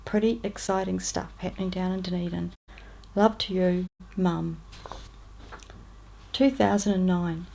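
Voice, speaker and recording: A woman's voice: on the low side, measured pace, vocal fry, long pauses, slight background noise. A woman with a New Zealand accent reading aloud her own letters, in a chatty, upbeat way. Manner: warm, chatty letter-reading with lively lifts on greetings.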